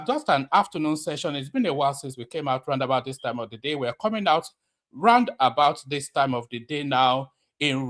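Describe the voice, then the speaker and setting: A man's voice: mid-range voice, a bit bright. A man hosting a casual livestream reaction, talking in a rambling way with many fillers and restarts, a little out of breath. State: slightly out of breath. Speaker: commentator host.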